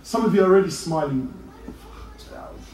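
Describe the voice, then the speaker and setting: Animated preacher man in an echoey hall. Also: fairly high pitch, a little fast. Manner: animated, rising to shouts, playful asides. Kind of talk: sermon. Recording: roomy echo, voice from a distance, faint noise.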